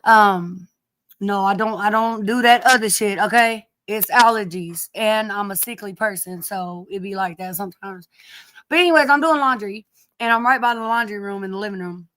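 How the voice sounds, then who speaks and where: A woman's voice: medium pitch, normal speed, a bit bright, no room sound. A middle-aged woman hosting a casual live stream from home, greeting viewers by name, sniffly from allergies and cursing lightly as she chats.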